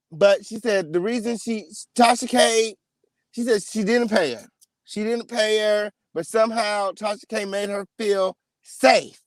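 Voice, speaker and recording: Very high-voiced man dishing gossip. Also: dry recording. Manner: profane, emphatic, repeats lines for effect. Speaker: celebrity gossip commentator. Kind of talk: casual gossip commentary.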